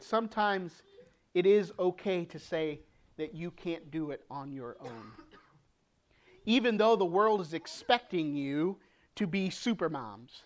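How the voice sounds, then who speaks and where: A woman preaching a sermon, earnest, posing rhetorical questions with dramatic pauses. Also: on the low side. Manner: acts out quoted pleas with rising emotion.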